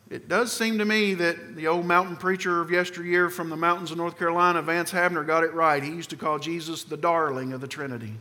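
Forceful preacher man in reverberant hall. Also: a little high, steady tone, brisk, hardly any pauses. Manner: emphatic, questions the congregation, swings between loud and soft. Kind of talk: sermon.

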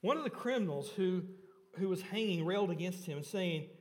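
Man, pastor, sermon, high-pitched, emphatic rises and soft drops, questions to the congregation, long church reverb. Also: animated, a little fast. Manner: rises and falls in pitch and volume for emphasis, dropping low and soft on key points. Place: church sanctuary.

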